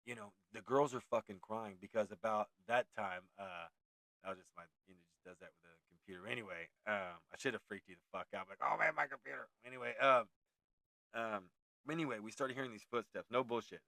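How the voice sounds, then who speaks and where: A man around forty from California spins a haunted tale in a loose, profane ramble, often losing his thread and correcting himself. His voice sits low, and the recording is dry and close with no room sound. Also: a little fast, sharp tone, dry recording. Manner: rambling, profane, laid-back; tangents and self-corrections. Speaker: storyteller. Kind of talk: casual storytelling.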